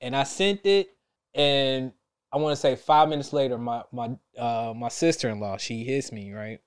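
A young man, a podcast host telling a story in casual chat, animated and laughing often. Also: mid-range voice, normal speed, clear, resonant tone. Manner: animated, laughs a lot, acts out quotes.

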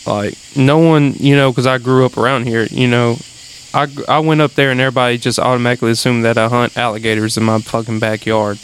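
A man with a thick Louisiana accent, telling a story in casual, animated chat and swearing now and then. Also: medium pitch, fast talker, slight background noise, low-quality recording. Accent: Louisiana Southern.

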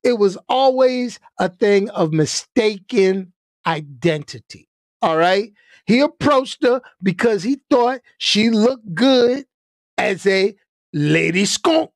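A man giving live-stream commentary in an animated way, stopping often to add "okay?" and "all right?" for emphasis. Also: high-pitched, slow pace, dry recording, studio quality.

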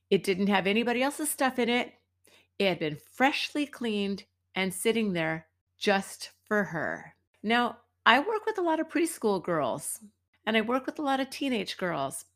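A woman from the United States, middle-aged, hosting a podcast and telling an everyday story in a chatty, wry way. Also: medium pitch. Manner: chatty and wry, acts out quoted people. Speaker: podcast host and dance teacher. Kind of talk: casual storytelling monologue.

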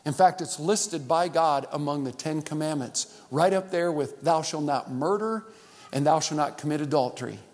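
A male pastor preaching a sermon, calling on the church to repeat after him and swinging between loud and hushed. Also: a little high, moderate pace. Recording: long hall reverb.

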